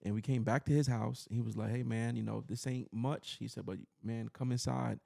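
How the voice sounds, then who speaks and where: A podcast host from New York City tells his own story in a loose, rambling way. His mid-pitched voice has a gravelly, creaky edge. He sounds earnest and keeps filling gaps with "you know.". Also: steady tone, normal speed, dark tone. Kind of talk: personal storytelling in casual chat.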